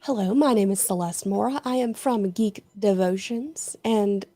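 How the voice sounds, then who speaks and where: A woman's voice: mid-range voice, moderate pace, mellow, dry recording, soft background music. A woman guest recording a short message about her favorite memories, slightly hesitant.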